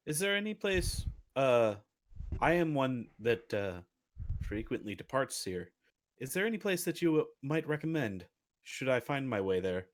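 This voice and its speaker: A man voicing a formal, solemn warforged servant who speaks in a stiff, halting way. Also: medium pitch, very animated, natural voice. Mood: curious.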